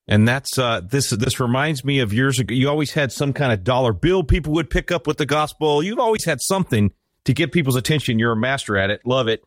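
A man co-hosting a radio talk show, chatty and quick, rambling a bit as he asks questions. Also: mid-range voice, animated, no room sound, clean studio sound. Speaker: radio co-host. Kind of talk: casual radio interview.

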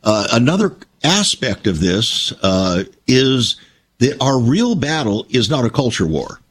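A man's voice: mid-range voice, very animated, unhurried, a bit bright, breathy edge. An older man, a Christian broadcaster, telling stories in an earnest, emphatic way on a conversational talk show.

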